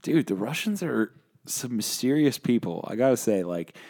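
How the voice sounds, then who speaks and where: Brief: Canadian man with a mid-pitched voice, lively and rambling, swears freely in relaxed podcast chat. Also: normal speed. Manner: rambling, heavy swearing, lots of filler words. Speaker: podcast co-host. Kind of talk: casual chat.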